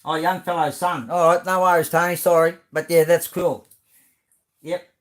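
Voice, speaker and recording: A man's voice: a little high, little pitch movement, normal speed. An Australian man hosting a live stream, chatting casually as he reads out viewer comments, rambling and friendly with plenty of fillers and restarts.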